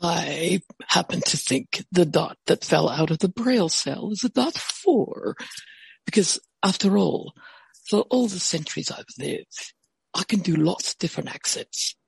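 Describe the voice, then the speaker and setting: A woman's voice: on the low side, expressive, measured pace, creaky, husky, no room sound, full character voice. A woman playing an ancient, self-assured being who claims to have lived for centuries. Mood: lofty.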